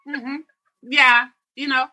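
A woman's voice: medium pitch, slightly rough, rough recording. A woman co-hosting a podcast, telling stories in casual chat and laughing often. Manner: laughing, lively storyteller. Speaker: podcast co-host.

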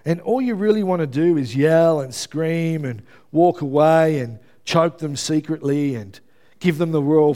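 A man preaching a conversational sermon. He is earnest, checks in with his listeners with a quick "yeah?", and stumbles over his words as he builds intensity. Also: medium pitch, warm tone. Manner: builds intensity, stumbles and repeats himself when moved.

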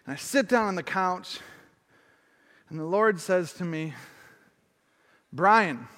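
A male pastor telling a story in a sermon, animated and self-deprecating, acting out his own thoughts. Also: high voice, measured pace, in a large hall.

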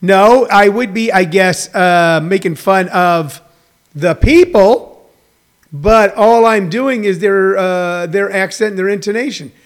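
Chatty high-voiced man hosting a livestream. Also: slow. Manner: rambling, chatty, frequent restarts and fillers. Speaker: livestream show host. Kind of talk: casual chat to live viewers. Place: home in a hot desert region.

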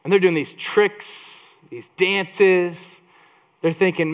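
A man's voice: high voice, steady tone, slow. A man preaching a sermon, reading scripture and adding playful asides with frequent restarts.

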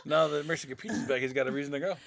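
Gravelly man with teasing questions. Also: a little high, racing, fairly bright tone, a little hiss or hum. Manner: wry, asks short teasing questions. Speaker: co-host. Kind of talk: casual chat.

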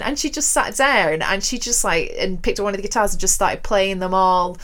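A woman's voice: mid-range voice, normal speed, few pauses, fairly bright tone. A woman co-hosting a radio show, chatting casually and telling frank, self-mocking stories. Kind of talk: casual chat.

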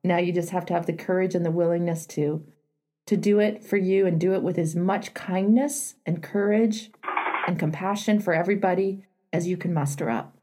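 Husky, mellow woman coaching a caller. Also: on the low side, steady tone, normal speed. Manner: earnest, emphatic, plainspoken. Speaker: advice show host.

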